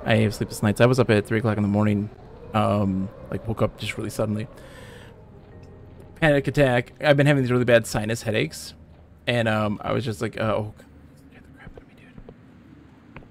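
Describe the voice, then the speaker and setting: A man's voice: on the low side, steady tone, brisk, creaky, slight background noise. A man streaming a game live, chatting casually and joking with the characters on screen. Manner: rambling, jokey, talks to game characters. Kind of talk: casual live gameplay chat.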